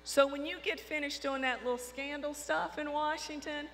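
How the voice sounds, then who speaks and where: A woman telling a lively anecdote, acting out the dialogue with frequent quotes. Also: high-pitched, moderate pace. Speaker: storyteller recounting her career. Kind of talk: anecdotal storytelling to an audience. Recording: long reverb hall with faint mains hum.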